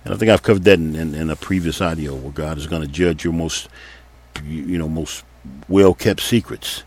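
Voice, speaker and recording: A man with an extremely deep, low voice teaches from the Bible in sermon style. He reads scripture passages aloud, then comments earnestly, repeating key points for emphasis. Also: steady tone, fairly quick, darkish tone.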